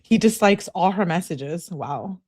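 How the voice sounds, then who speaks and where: A woman's voice: lowish voice, expressive, unhurried, darkish tone, breathy edge. A woman hosting a live reading, with exasperated, sarcastic comments between passages. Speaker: channel host.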